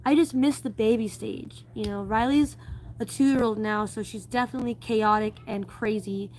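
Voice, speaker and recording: A woman hosts a casual live stream, reading viewer comments and talking in a loose, rambling way full of fillers and restarts. Her voice sits a little high. A faint hiss runs underneath. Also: fairly even intonation, normal speed, a little mellow.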